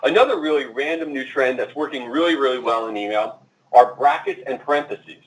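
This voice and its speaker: A man giving a marketing presentation at a conference, talking fast and addressing the audience directly. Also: medium pitch, lively intonation, slight background noise. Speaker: conference speaker. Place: conference room. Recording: echoey and distant from the mic.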